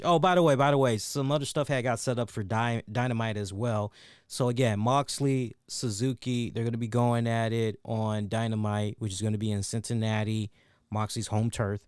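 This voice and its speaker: A man hosts a wrestling review show in loose, excitable chat, swearing freely and laughing at his own jokes. His voice is smooth and sits at a middle pitch. The sound is dry and close, with no room around it. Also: moderate pace, no echo. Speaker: wrestling review podcast host.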